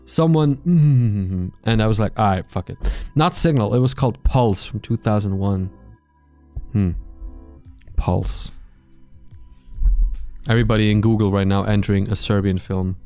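A man's voice: lowish voice, measured pace, long pauses, mellow, smooth, soft background music. A man streaming live and chatting casually with his viewers, blunt and full of swearing as he rambles.

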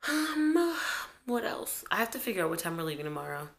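A woman's voice: medium pitch, sing-song, a little fast. A young woman in college chatting casually to her camera from her bedroom, giggly and full of fillers. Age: young adult. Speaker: college vlogger. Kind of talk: casual vlog chat.

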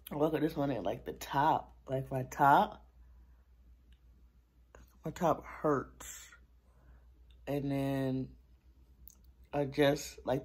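A young woman chats casually to the camera in a vlog, her bass voice darkish in tone and slightly rough. New braces have left her mouth sore, and she talks through it, sometimes dropping into whispers.

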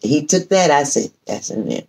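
A woman hosting a casual chat tells a family story in a deep, gravelly voice at a moderate pace. She is a lively storyteller, acting out what each person said.

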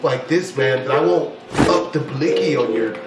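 A young man commenting on a horror game he is playing, brash and full of slang, often breaking into yelling. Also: medium pitch, moderate pace, echoey room, far from the mic, poor audio. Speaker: gaming YouTuber.

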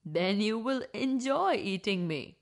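A woman voicing a timid but clever old woman who pleads softly. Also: mid-range voice, animated, a little slow. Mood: pleading.

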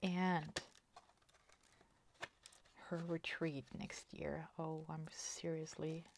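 A woman with Swedish as her first language chats in English, soft-spoken and delighted as she unpacks gifts. Her voice has a gravelly edge, and she talks at an unhurried pace. A faint hiss sits under the recording. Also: low-pitched, flat delivery. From Sweden. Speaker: crafting vlogger. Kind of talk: casual chat, opening a parcel.

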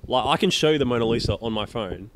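A man's voice: medium pitch, animated, fast talker, slight background noise. A young man co-hosting a podcast, telling rant-filled stories in casual chat and swearing freely. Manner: swears a lot, ranting storyteller. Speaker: podcast co-host.

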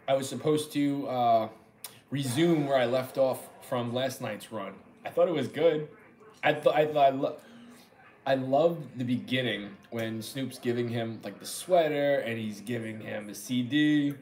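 A man's voice: medium pitch, darkish tone. A young man with a New York accent chatting casually on a livestream, rambling and joking as he reads viewer comments. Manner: rambling, joking, repeats words. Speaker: livestream eating host.

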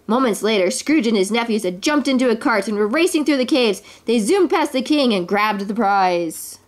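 A woman reading a children's story aloud to her kids in an expressive way. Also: a little high, normal speed, few pauses.

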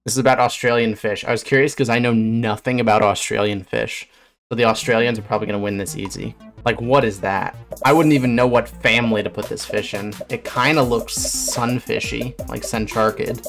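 A man's voice: medium pitch, fairly even intonation, fairly quick, gravelly, fairly bright tone, soft background music. A man, a fish biologist streamer, giving casual reaction commentary, blunt and swearing, bursting into surprised questions.

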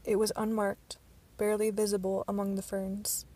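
A woman's voice: medium pitch, monotone, normal speed, dark tone. A woman narrating an amateur audiobook reading, stumbling at times with restarts.

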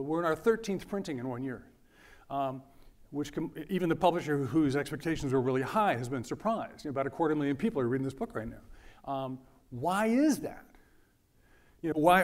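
A middle-aged man with a high voice gives a talk to an audience, loose and joking. He keeps quizzing the room as he goes. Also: animated, fast. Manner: conversational, jokey, quizzing the audience. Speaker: university lecturer. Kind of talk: lecture to an audience.

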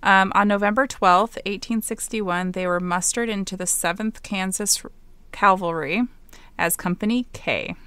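A woman's voice: mid-range voice, a little slow, pushed and bright, clear, resonant tone, no room sound. A woman co-hosting a podcast, casually telling a history story from her notes, with asides and stumbles.

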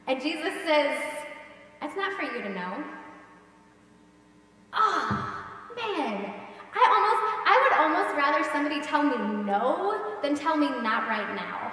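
High-voiced woman preaching in an echoey church. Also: normal speed. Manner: casual and animated, acts out quoted voices. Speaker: pastor. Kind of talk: conversational sermon. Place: large church sanctuary. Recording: echoey church hall, distant mic.

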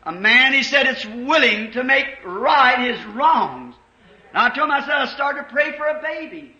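A man preaching a fervent sermon, telling stories and rising to shouts. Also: very high voice, lively intonation, moderate pace. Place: church. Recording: roomy dull 1950s church recording.

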